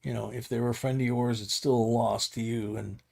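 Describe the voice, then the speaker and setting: A man's voice: mid-range voice, little pitch movement, brisk, gravelly, a little mellow. A middle-aged man hosting a livestream, rambling through a casual anecdote with chuckles. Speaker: livestream host.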